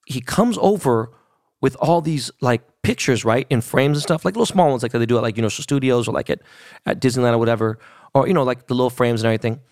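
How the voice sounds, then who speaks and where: A man's voice: mid-range voice, fast talker, darkish tone, no room sound, studio quality. A man, hosting a podcast and telling a story in a casual, profane, slangy rant. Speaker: podcast host.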